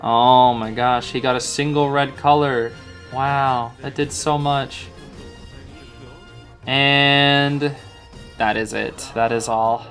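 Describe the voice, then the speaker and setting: A young man giving casual, excitable commentary on a video game, groaning in sympathy and using lots of slang. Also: mid-range voice, takes it slowly, long pauses, faint music behind. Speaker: gaming streamer.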